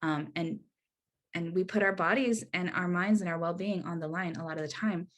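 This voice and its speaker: Here a woman with a lowish voice talks at a normal speed while leading a workshop over video call. Earnest and conversational, she restarts often and tacks on "right?" as she goes through the online workshop.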